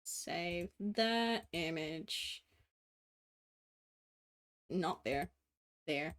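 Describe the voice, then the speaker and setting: A woman's voice: lowish voice, lively intonation, very slow, a bit bright. An Australian woman in her late twenties, streaming casual chat while drawing, rambling with many fillers, casual swearing and frequent laughs. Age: late 20s.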